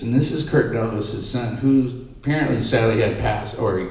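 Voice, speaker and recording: A middle-aged man telling stories at a live panel event, jumping into the voices of the people he quotes. His voice sits at an ordinary pitch and carries a strong, boomy room echo, picked up from some distance away from the mic. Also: normal speed. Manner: animated, acts out quoted voices. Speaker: entertainment photographer on a panel. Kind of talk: anecdotal storytelling at a live panel. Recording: echoey room, mic far off.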